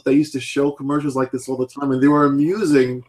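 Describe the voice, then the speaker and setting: A man in his thirties chatting casually as a podcast host, rambling and filling pauses with "like" and "you know". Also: mid-range voice, little pitch movement. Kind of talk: casual chat.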